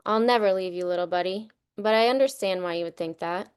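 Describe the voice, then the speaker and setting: A soft, reassuring storybook grandmother who comforts a grandson with calm patience, as a woman reading aloud puts her on. Her voice is smooth and clear. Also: medium pitch, brisk, lightly acted. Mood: tender. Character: gentle loving grandmother caring for her grandson.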